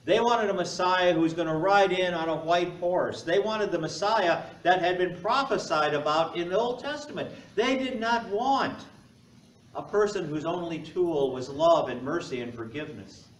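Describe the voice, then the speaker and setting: Brief Male pastor, higher-pitched voice, chatty sermon, echoey church, mic at a distance. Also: moderate pace, few pauses, a little hiss or hum. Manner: conversational, joking asides to the congregation. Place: church sanctuary. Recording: echoey church heard from afar.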